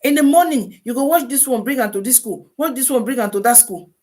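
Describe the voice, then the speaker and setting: A woman speaking Nigerian Pidgin English gives lively advice on a live stream, her fairly high voice rising and falling quickly. She fires off rhetorical questions and nudges listeners with "eh?", keeping it casual and animated the whole way.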